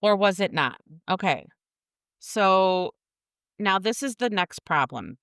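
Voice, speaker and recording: A woman's voice: mid-range voice, lively intonation, takes it slowly, a bit bright, smooth, no echo, clean studio sound. A woman in her thirties co-hosting a casual true-crime podcast, telling the story bluntly with lots of swearing. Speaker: podcast co-host.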